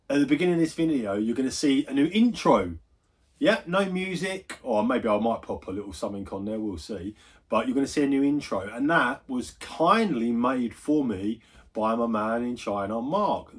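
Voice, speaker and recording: On his gaming vlog, a YouTuber tells a story in a casual, chatty way, drifting into asides and swearing freely. His voice sits fairly low and has a breathy edge.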